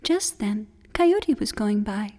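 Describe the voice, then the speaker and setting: A woman storyteller telling a folk tale for children, expressive, slipping into breathy whispers. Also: mid-range voice, slow pace. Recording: long hall reverb.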